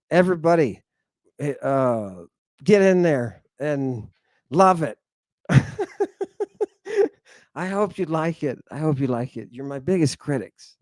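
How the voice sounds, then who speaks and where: A man lecturing his congregation in a theatrical way, swinging between loud outbursts and low mutters. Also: no room sound. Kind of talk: animated lecture with asides.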